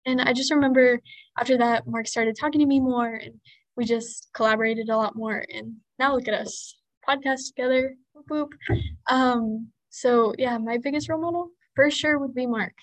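A woman's voice: a little high, normal speed, dry recording, rough recording. A teenage girl, a student officer co-hosting a podcast, telling a personal story and acting out the lines of each person in it. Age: teens. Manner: storytelling, lively retelling of quoted exchanges. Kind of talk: casual podcast chat.

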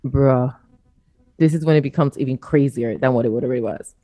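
A young woman telling a story in casual podcast chat, blunt and animated, swearing freely. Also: a bass voice, brisk, dry recording. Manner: blunt, profane, animated retelling. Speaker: podcast co-host.

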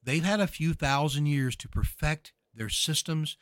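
A man speaking as a guest minister, preaching with fervor and building to emphatic shouts. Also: a little high, measured pace, no room sound, clean studio sound. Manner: emphatic, rises to shouting peaks. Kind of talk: fervent preaching talk.

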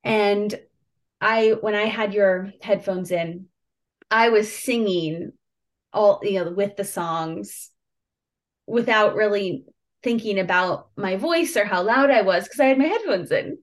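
A woman's voice: mid-range voice, slow pace. Gushing woman podcast host. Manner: gushing, emotional, laughs often. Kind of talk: casual heartfelt chat.

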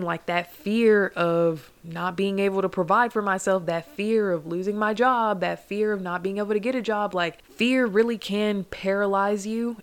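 A young adult woman hosting a solo podcast, talking candidly and at length, with many "like"s and asides to "you guys.". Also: mid-range voice. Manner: rambling, heartfelt, heavy use of "like" and "you guys". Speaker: podcast host.

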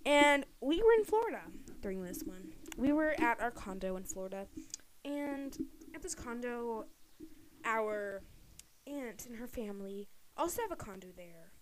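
High, lively young woman telling stories. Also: normal speed, noisy background. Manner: giggly, animated storytelling. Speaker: podcast co-host. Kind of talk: casual chat.

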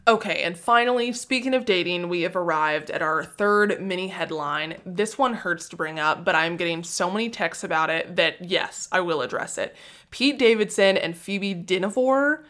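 A woman's voice: fairly low pitch, normal speed, fairly bright tone. Young female podcast host, solo gossip episode, sarcastic and self-mocking delivery.

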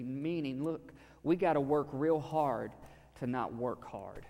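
A man preaching a sermon to a congregation, talking conversationally and swinging from loud emphasis to a hushed near-whisper. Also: medium pitch, measured pace, vocal fry. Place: church sanctuary with a live audience. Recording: long hall reverb.

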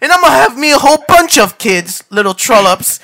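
A man's voice: very high voice, very animated, fairly quick, creaky, bright, forceful tone, exaggerated voice. A man putting on a British accent to play a brash young man abandoned by his father, giggling through an amateur scene reading. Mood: giggly mock-British. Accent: put-on British. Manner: giggly, mock-British slang.

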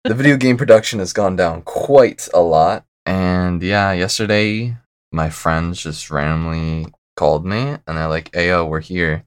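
A man's voice: low-pitched, measured pace, clear, resonant tone, dry recording, clean studio sound. A young man chatting casually as a podcast guest, laid-back and a bit mumbly, laughing often. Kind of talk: casual chat.

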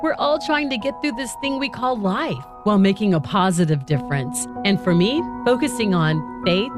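Lively, frank middle-aged woman host. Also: medium pitch, moderate pace, over music. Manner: frank, chatty, animated, mock-disgusted asides. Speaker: podcast host. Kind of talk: casual solo podcast talk.

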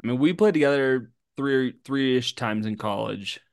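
A man's voice: medium pitch, gravelly, darkish tone, clean tone, no echo, studio quality. A young man who is the interim host of a podcast, teasing his guest in a playful way and drawing out his words. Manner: playful, teasing, drawn-out delivery. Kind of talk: casual podcast hosting.

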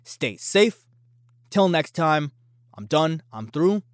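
A man's voice: on the high side, very animated, takes it slowly, noisy background. A man hosting a casual opinion podcast, talking in a brash, boastful and challenging way. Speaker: podcast host.

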